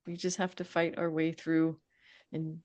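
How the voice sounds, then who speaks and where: Woman podcast host, somewhat low and earnest, talkative; dry close sound. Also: flat delivery, measured pace, a little mellow, no echo, muffled recording. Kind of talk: casual interview chat.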